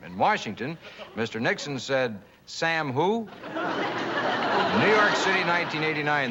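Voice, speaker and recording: A man's voice: on the high side, dull audio, background noise. A man reading future headlines dryly as an anchor in a sketch comedy newscast. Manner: dry mock-serious delivery. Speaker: news anchor.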